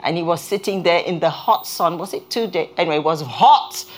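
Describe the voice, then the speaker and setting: Earnest woman preaching a sermon. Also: lowish voice. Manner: earnest, halting restarts, rises when stirred. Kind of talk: sermon with personal testimony.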